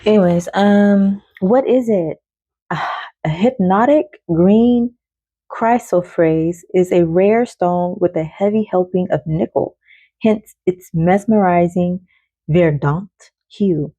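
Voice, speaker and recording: A woman's voice: fairly low pitch, slow, mellow, no room sound, lo-fi sound. A woman giving a casual oracle card reading in a loose, chatty way, laughing often and swearing freely.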